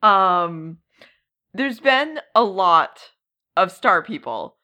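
A woman co-hosting a casual podcast, laughing often and halting with lots of ums. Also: mid-range voice, lively intonation, pushed and bright. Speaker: podcast co-host. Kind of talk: casual chat.

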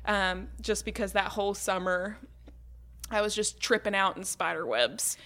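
A woman's voice: mid-range voice, fairly even intonation, moderate pace, pushed and bright. Chatty young woman telling a story. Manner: chatty storyteller, laughs often, says "like" and "um" a lot. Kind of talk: casual chat.

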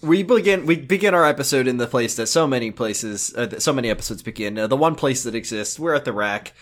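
A man's voice: medium pitch, animated, fast talker. A man co-hosting a podcast, rambling and joking through a casual episode recap. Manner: rambling, joking, with many fillers. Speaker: podcast co-host.

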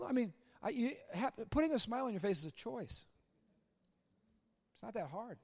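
A middle-aged male pastor with a high-pitched voice delivers a joking, story-driven sermon in a church. He swings between loud, excited bursts and quiet, hushed asides. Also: moderate pace, long pauses. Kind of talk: humorous sermon. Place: church sanctuary.

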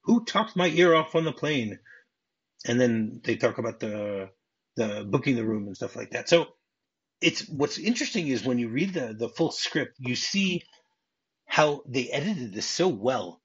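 A man's voice: medium pitch, animated, unhurried, breathy edge. A man from Michigan hosting a movie podcast, retelling scenes casually and reading script lines aloud. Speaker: podcast host. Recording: dull muffled audio.

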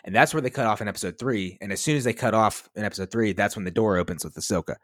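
A man's voice: on the low side, very fast, a bit bright, no room sound, studio quality. A man co-hosting a podcast, recapping a TV episode in a rambling, casual chat, swearing now and then. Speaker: podcast co-host.

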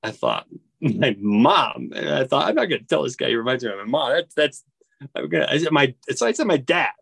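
A man telling a personal story as an interview guest, acting out quoted dialogue with big jumps in pitch and often restarting his sentences. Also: very animated, vocal fry, a bit bright, breathy edge, no echo. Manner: halting, with frequent restarts.

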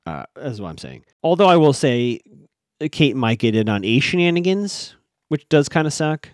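A man's voice: medium pitch, very animated, normal speed, no room sound, clean studio sound. A man hosting a podcast, casually recapping a TV episode, thinking aloud with plenty of fillers and restarts.

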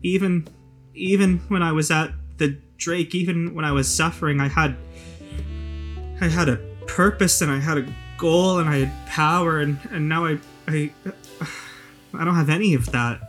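Game master doing a higher-pitched voice, despairing drunk young woman, halting and self-pitying, stumbles over repeated words. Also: soft background music, natural voice.

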